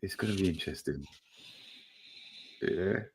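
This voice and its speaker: He speaks a little slowly in a low, slightly mellow voice with a breathy edge. As host of a casual football podcast, the young man shares stories in an easygoing, laughing style.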